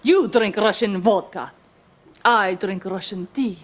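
A prim tea-drinking Russian wife. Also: female voice, mid-range voice, slow. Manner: corrects her partner. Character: prim Russian woman who prefers tea. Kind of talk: scripted language-lesson video.

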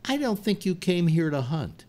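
A furious male bear in a told joke, laying down stern warnings, voiced by a man telling the story. The voice swings widely in pitch and climbs sharply at the punchlines. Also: big pitch swings, normal speed, darkish tone.

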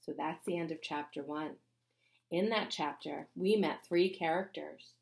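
A woman reading a children's chapter book aloud in an expressive, playful way. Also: sits low, measured pace, gravelly. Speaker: reader.

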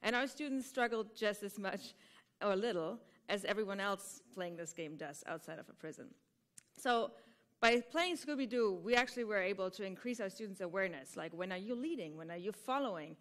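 A woman's voice: medium pitch, animated, brisk, a bit bright. Lady improv teacher explaining games at a conference, keeps asking right?. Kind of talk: conference talk.

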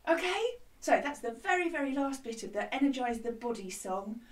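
A woman who is a music teacher, leading a lively children's music lesson from a hut, with a bright, encouraging, sing-song way of talking. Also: high-pitched, normal speed. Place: outdoor classroom hut. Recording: slightly distant mic with music behind.

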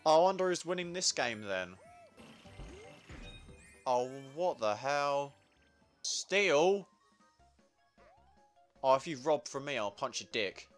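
A man's voice: fairly high pitch, very animated, takes it slowly, pauses often, soft background music. A young man giving crude, sarcastic, swear-heavy commentary while playing a party video game. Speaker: gamer. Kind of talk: let's play commentary.

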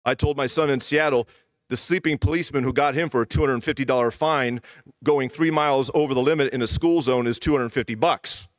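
A middle-aged man preaches in a church with a mid-range voice, leaning hard on repeated phrases. He often sinks into a hushed, intimate tone to draw listeners in. The sound is dry and close, with no room echo. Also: mid-range voice, fairly quick. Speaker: pastor. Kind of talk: sermon.

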